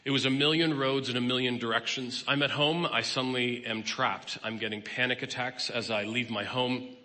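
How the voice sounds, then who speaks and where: A man's voice: mid-range voice, steady tone, moderate pace, bright, forceful tone. Man, 50s, guest speaker and therapist, candid sermon delivery, reverberant hall. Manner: candid, personal, plain-spoken. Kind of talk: conversational sermon. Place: church hall. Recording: long reverb of a large hall.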